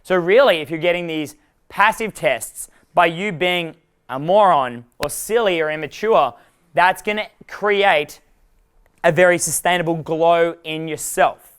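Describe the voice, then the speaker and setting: Young male dating coach, raised voice, clean smooth tone, rambling and swearing, chuckles at himself. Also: a little high, a little slow, fairly bright tone. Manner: rambling, profane, laughs at his own jokes. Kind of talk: live workshop talk.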